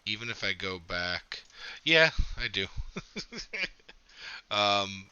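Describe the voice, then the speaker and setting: A man's voice: on the low side, expressive, slow pace, pushed and bright, smooth, highs cut off. A man streaming a game, chatting casually and swearing freely as he explains his setup at length. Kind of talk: casual gameplay chat.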